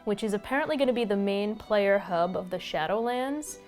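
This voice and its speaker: A woman's voice: medium pitch, expressive, a little fast, a little mellow, soft background music. A woman co-hosting a gaming podcast, talking casually with lots of fillers and restarts. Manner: chatty, many fillers and restarts. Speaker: podcast co-host.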